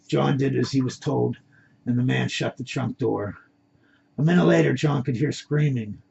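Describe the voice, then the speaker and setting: Man, story reader, gravelly, husky, dull lo-fi home recording. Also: mid-range voice, moderate pace, darkish tone. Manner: plain reading with stumbles and restarts. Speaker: narrator reading his own story. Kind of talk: amateur story reading.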